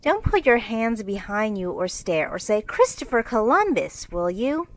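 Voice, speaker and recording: A woman's voice: a little high, very animated, a little slow, voice pushed up, low-quality recording. An eager, fretful teenage girl fussing over party clothes, as a woman reader puts her on, her voice lifted a little above plain narration. She sounds girlish and easily worried, in a storybook reading for learners. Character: girlish teenage older sister, fussy about dress.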